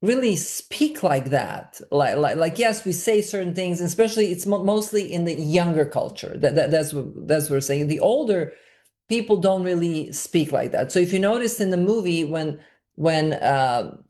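A woman speaks in a somewhat low voice, answering an interviewer earnestly. She explains at length and repeats words as she searches for her point. The tone is that of a filmmaker discussing her own work. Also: animated, normal speed, warm tone.

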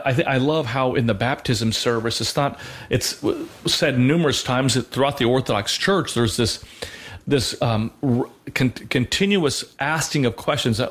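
A middle-aged man talks through faith lessons on a Christian radio show. He speaks earnestly, stopping and restarting often and filling pauses with small hesitations. His pitch sits in an ordinary middle range for a man. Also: a bit bright. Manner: earnest, halting, many fillers and restarts. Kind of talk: conversational religious teaching.

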